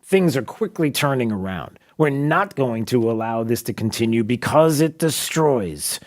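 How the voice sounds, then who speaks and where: A man's voice: medium pitch, expressive, unhurried, few pauses. A man hosting a talk radio show, asking rhetorical questions and pressing his points with emphasis. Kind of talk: opinionated talk radio monologue and banter.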